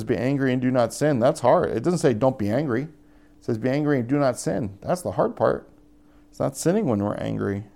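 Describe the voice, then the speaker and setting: A man's voice: medium pitch, creaky, dark tone. A young adult man preaching a conversational sermon as pastor, often rising into emphatic appeals.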